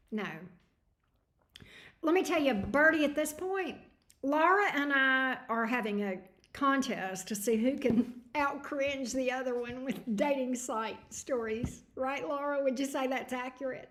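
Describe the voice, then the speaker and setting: A woman's voice: sits high, moderate pace, a bit bright. A woman hosting a tarot livestream, chatting casually with viewers in a snarky, laughing way, tired. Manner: snarky, laughing, reading chat messages aloud.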